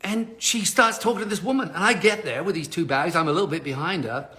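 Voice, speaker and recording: A man telling a story on a live stream as a motivational speaker, animated, often laughing and swearing casually. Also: high voice, quick pace.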